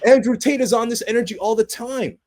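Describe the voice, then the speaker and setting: A young adult man co-hosting a podcast, chatting casually about a movie in an animated, passionate way that swings from loud excitement to low, earnest tones. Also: brisk. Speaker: podcast co-host. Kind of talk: casual movie review chat.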